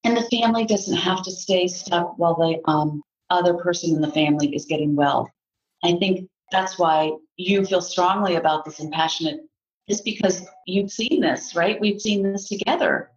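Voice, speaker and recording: A middle-aged woman psychotherapist talking as a podcast guest in casual chat, animated and laughing often. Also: on the low side, normal speed, lo-fi sound. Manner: animated, laughs often, acts out inner voices.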